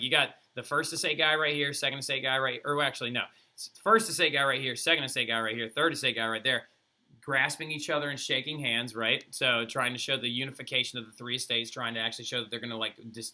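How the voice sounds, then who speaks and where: A male teacher lectures in a lively, casual way, tossing in playful asides and quick acted bits. His voice sits mid-range in pitch with a very bright, cutting edge. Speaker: history teacher. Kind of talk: animated classroom lecture.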